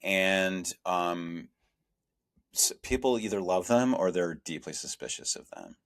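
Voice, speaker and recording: A man's voice: low-pitched, expressive, measured pace, fairly bright tone. A middle-aged man co-hosting a podcast, talking reflectively and frankly, often restarting his sentences. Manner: reflective, self-deprecating, many restarts. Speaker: investigative journalist, podcast co-host. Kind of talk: conversational podcast discussion.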